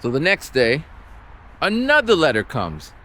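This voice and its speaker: A man's voice: on the high side, measured pace. Exasperated man ranting on a walk. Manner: exasperated, animated, acts out the people he quotes. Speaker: vlogger. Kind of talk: ranting storytelling while walking. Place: outdoors, walking in a town.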